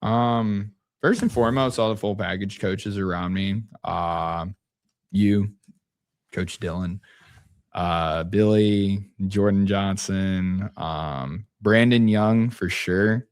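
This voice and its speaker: A young man with a very low, deep voice talks in a laid-back, easygoing way. His speech rambles and keeps restarting mid-sentence, like casual podcast chat. The sound is dry and close, with no room in it. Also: takes it slowly, clear, resonant tone, no echo. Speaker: basketball coach guest.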